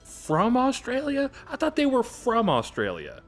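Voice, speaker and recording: A man chats on a gaming stream with a lively voice that swings up and down in pitch. He teases his co-host and swears casually. Quiet game music runs underneath. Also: a little slow. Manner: teasing, animated, swears freely.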